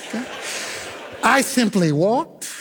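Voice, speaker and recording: Male preacher, high voice, very lively delivery, shouts and sings his points. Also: slow, in a large hall, crowd noise. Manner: emphatic preaching, shouting and sing-song cadence. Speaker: pastor. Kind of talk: sermon.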